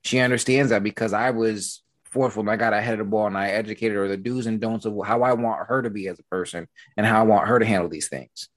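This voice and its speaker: Low-voiced guy hosting a chat, talks quick and rambles, keeps asking if you get him. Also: fairly even intonation. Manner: rapid, rambling, leans on "you know what I mean". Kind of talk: casual conversation.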